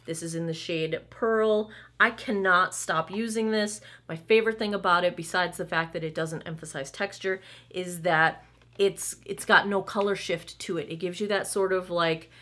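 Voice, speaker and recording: A woman's voice: lowish voice, steady tone, moderate pace, a bit bright. A woman in her thirties chatting casually through a makeup try-on, candid and playful with asides. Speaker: beauty vlogger.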